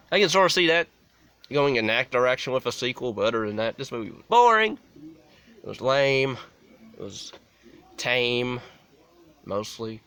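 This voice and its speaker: A man's voice: lowish voice, a bit bright. A young adult man giving a casual, unscripted movie review, rambling with many restarts and "like" fillers.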